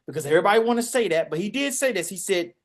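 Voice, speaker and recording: Dc man telling a story on a podcast, loud and animated, does all the voices. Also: sits high, very fast. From Washington, DC. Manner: animated, acts out voices and shouts. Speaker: podcast co-host. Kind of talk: casual storytelling.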